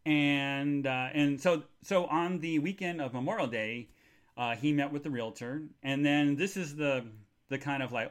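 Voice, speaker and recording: A man hosting a live podcast, rambling with lots of fillers and restarts, excitable and bursting into joyful shouts. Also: fairly high pitch, normal speed. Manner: excitable, shouts and squeals with joy. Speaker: podcast host.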